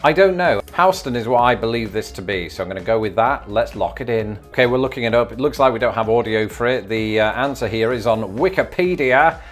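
A man's voice: medium pitch, lively intonation, a little fast, hardly any pauses. An Englishman hosts a casual video, talking in a mid-range voice. He is playful and keeps trying words over and over to sound them out. Faint background music plays under him. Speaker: YouTube host. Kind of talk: casual vlog commentary.

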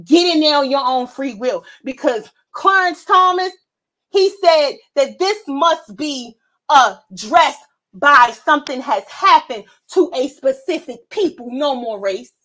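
Woman, high voice, heated rant, profane, confrontational vlog commentary. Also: expressive, a little slow, pushed and bright. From United States. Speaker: vlog host. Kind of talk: ranting commentary monologue.

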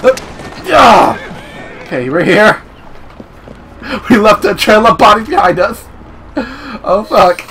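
A young man giving excitable let's-play commentary, swearing, laughing and yelling apologies over game audio. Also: high-pitched, takes it slowly, pauses often. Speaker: gaming channel host.

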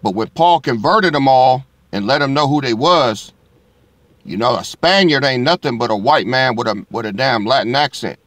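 A man's voice: mid-range voice, expressive, a bit bright, no echo. Blunt preacher man, dry close sound. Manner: reads scripture slowly and rising, then talks fast and blunt with slang and swearing. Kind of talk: street-style scripture teaching.

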